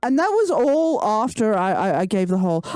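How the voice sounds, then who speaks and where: A woman's voice: medium pitch, big pitch swings, normal speed, a little mellow, no echo, studio quality. A woman live-streaming a game, ranting and swearing in casual chat with her viewers. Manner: profane, ranting, laughing.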